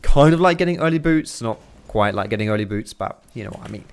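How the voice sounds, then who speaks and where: A young man giving casual, swearing gameplay commentary, chatty and quick to laugh. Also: fairly low pitch, animated, gravelly, clear, resonant tone. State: out of breath. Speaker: gaming commentator.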